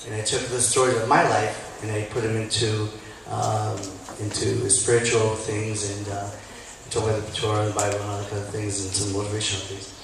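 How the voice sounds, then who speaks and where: A man's voice: lowish voice, monotone, fairly quick, gravelly, noisy background. A man in the audience telling a long personal story before asking his question, chatty and rambling. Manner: chatty, storytelling, quotes others. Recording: echoey hall, recorded from far off.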